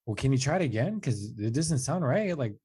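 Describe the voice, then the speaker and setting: A man in his twenties with a medium-pitched, husky voice speaks fairly quickly as a podcast guest, casually telling a personal story. He's animated, acting out quoted lines in a raised voice and saying "like" and "dude" often.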